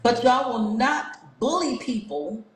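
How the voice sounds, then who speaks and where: A woman hosts a casual livestream rant, her fairly high voice expressive and slow as she asks her viewers one rhetorical question after another. The phone mic picks up an echoey room.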